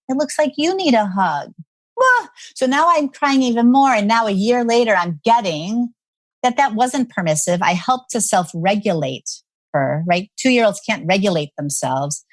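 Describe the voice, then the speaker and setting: A woman's voice: medium pitch, no room sound. A woman guest, a parenting expert, telling stories in a podcast interview and acting out the voices in her quotes. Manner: animated storyteller who acts out quotes.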